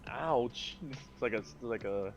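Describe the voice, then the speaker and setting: A man chatting casually on a live stream, rambling excitably about movies with big jumps in pitch and loudness. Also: measured pace, gravelly, highs cut off, soft background music. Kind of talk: casual chat.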